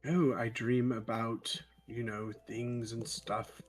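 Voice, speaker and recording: A man's voice: medium pitch, little pitch movement, slow, soft background music. A man playing a tabletop game character, rambling and stumbling through explanations with many fillers. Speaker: player.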